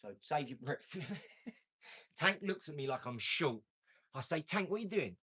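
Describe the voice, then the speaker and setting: A man's voice: fairly high pitch, expressive, moderate pace, slightly rough. Brash man in his forties. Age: 40s. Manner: brash, boastful, swings from shouting to mumbling; heavy slang and swearing. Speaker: live stream host. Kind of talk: casual live-stream talk.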